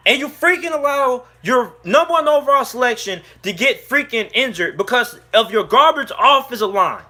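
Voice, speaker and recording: Heated man, sports vlogger, high sharp voice, furious repetitive rant. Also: animated, normal speed. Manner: angry, heated, repetitive ranting. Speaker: sports YouTuber. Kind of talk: ranting sports commentary.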